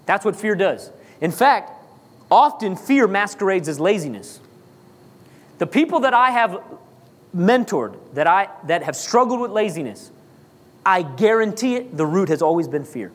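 A pastor preaches emphatically, asking the congregation question after question and hammering points through repetition. His voice sits high for a man. The sound carries a long reverb, as in a large church hall. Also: animated, measured pace. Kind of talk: sermon.

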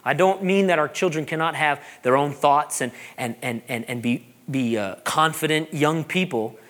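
A man, a pastor preaching a sermon, animated and joking, repeating phrases for emphasis. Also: a little high, moderate pace.

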